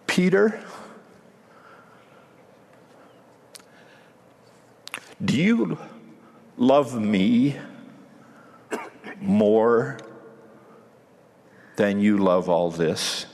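A man's voice: fairly low pitch, animated, drawn-out words, long pauses, darkish tone, a little hiss or hum, full character voice. A man preaching gives Jesus's words in an earnest, pleading voice that rises to fervor, in a hall with a long echo. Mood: searching.

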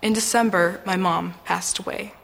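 Gravelly-voiced woman sharing an emotional testimony. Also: medium pitch, fairly even intonation, a bit bright, long reverb tail. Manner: earnest, emotional, halting with fillers. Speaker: testimony speaker. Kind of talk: personal faith testimony.

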